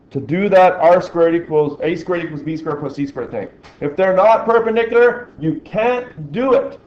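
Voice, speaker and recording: A man's voice: high voice, a little mellow, muffled recording. A male teacher in a classroom, talking through problems and asking the class questions as he works. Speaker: physics teacher.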